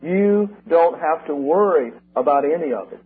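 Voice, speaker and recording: Older man, preacher, husky voice, emphatic sermon delivery, tinny radio sound. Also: a little high, expressive. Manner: emphatic, numbered points, slogans repeated slowly.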